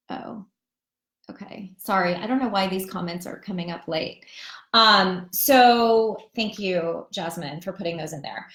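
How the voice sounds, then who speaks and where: A woman's voice: fairly low pitch, takes it slowly, bright, forceful tone. A woman coaching during a live webinar, talking casually with lots of ums and you-knows. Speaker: divorce recovery coach. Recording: roomy echoey sound.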